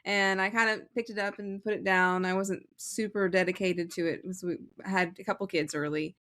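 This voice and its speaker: A woman's voice: medium pitch, steady tone, normal speed, a bit bright. A woman in her thirties, a co-author guest in a casual interview, explaining her writing process in an easygoing way.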